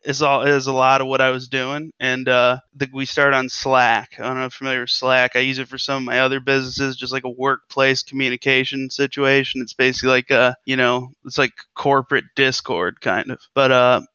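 A man's voice: mid-range voice, flat delivery, fairly quick, hardly any pauses, pushed and bright, clear, resonant tone, dry recording. A man chatting as a podcast guest in a laid-back, rambling, jokey way. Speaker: guest, stock trading group leader. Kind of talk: casual podcast chat. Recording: dull lo-fi audio.

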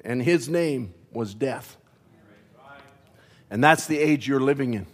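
Slow-preaching man with a cough. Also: medium pitch. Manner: slow, deliberate preaching with asides to the congregation. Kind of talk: sermon. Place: church sanctuary.

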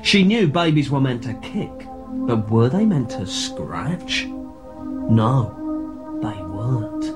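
A man playing a pompous, self-important male horror writer, speaking in a grandiose, deadpan scripted comedy monologue. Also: mid-range voice, takes it slowly, loud music behind the voice. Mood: dramatic reading.

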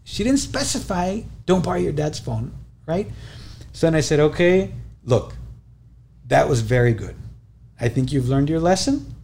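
A man in his thirties casually telling a family story, animated and acting out bits of dialogue. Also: on the high side, measured pace, creaky, pauses often, a little hiss or hum. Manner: animated, acts out dialogue, laughs while telling.

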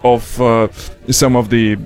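A man with a Russian accent hosting a casual podcast from a conference, speaking haltingly with many fillers. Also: mid-range voice, flat delivery, darkish tone, soft background music. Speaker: podcast host. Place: conference venue.

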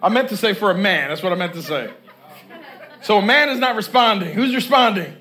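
A man's voice: high-pitched, animated, a little fast, sharp tone, some chatter behind. A man preaching a sermon, reading scripture and calling on the congregation to answer his repeated questions. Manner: reads scripture and stops to comment. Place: church with congregation.

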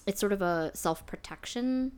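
A woman's voice: mid-range voice, animated, normal speed, darkish tone, clean tone. A woman co-hosting a podcast in casual chat, chatty and self-deprecating, laughing often. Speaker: podcast co-host.

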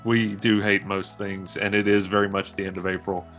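A young man co-hosting a relaxed podcast chat, breaking into mock-serious quotes to get a laugh. His voice sits a touch low but comes across bright and forceful. Soft music plays faintly behind him. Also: normal speed. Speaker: podcast co-host. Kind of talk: casual chat.

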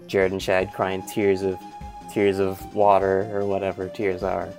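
A man's voice: deep voice, monotone, unhurried, music in the background. A man co-hosting a podcast, rambling through a comedic made-up movie recap. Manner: rambling, voices characters in quotes. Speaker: podcast co-host.

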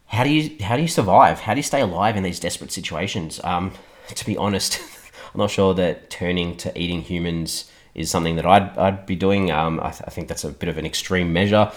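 A man hosting a podcast, casually reviewing a film with a hoarse, partly lost voice and rambling restarts. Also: low voice. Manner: rambling, thinking aloud with restarts. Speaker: podcast host.

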